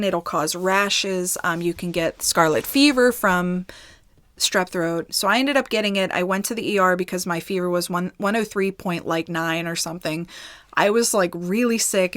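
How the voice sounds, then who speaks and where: Breathless woman, low and dry. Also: a bit bright, no echo. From United States. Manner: rambling, candid, filler-heavy. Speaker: ASMR storytime creator. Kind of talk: casual storytime chat.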